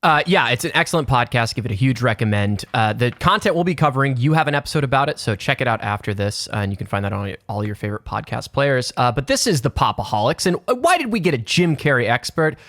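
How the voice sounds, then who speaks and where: Man, 30s, podcast host, gravelly, dry close sound, playful and joking. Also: mid-range voice, big pitch swings, quick pace, hardly any pauses, a bit bright, dry recording. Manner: jokey, playful, self-mocking. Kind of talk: casual podcast chat.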